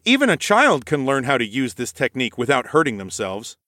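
A man's voice: medium pitch, huge pitch swings, fairly quick, sharp tone, no echo, clean studio sound. A man voicing a brash young brawler who loves a fight, speaking in a playful, teasing way in an audiobook. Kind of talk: audiobook character voice.

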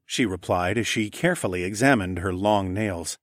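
A man's voice: deep voice, normal speed, no echo. Man narrating a fantasy audiobook, dry.

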